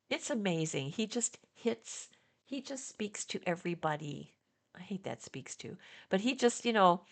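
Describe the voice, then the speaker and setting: Slow-talking chatty woman in her sixties. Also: mid-range voice. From Detroit area. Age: 60s. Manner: chatty and rambling, with frequent fillers and laughs. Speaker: vlogger. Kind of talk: casual chat to camera.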